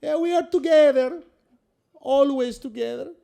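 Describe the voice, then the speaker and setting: Dude doing a weepy fake italian guy, high and loud, dragging every word. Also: vocal fry, full character voice. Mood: gushing. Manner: slow, drawn-out, emotional and high. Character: gushing, tearful Italian-styled man thanking fans.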